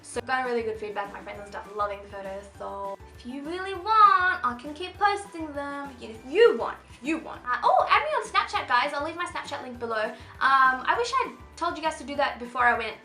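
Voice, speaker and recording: A bright, high-pitched young woman in her twenties chats her way through a clothing haul, bubbly and rambling. Her voice is picked up by a camera mic in a roomy, echoing space, with faint music playing underneath. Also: lively intonation, brisk. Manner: bubbly, chatty, rambling with many asides. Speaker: fashion vlogger. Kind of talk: casual shopping haul chat.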